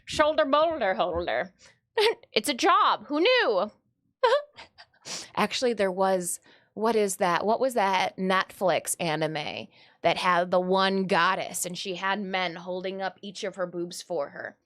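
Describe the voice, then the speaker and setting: A woman's voice: medium pitch, slow pace, fairly bright tone. A woman from Michigan chatting casually on a live stream, reading viewer comments in a rambling, giggly way. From Michigan, USA.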